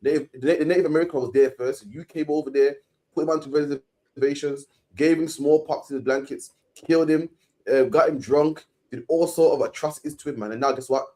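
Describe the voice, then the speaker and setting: A man's voice: a little high, fairly even intonation, fairly quick, warm tone. A man leading a casual discussion, talking emphatically in long rants that end lines with "man.". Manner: emphatic, ranting, repeats "man" at line ends.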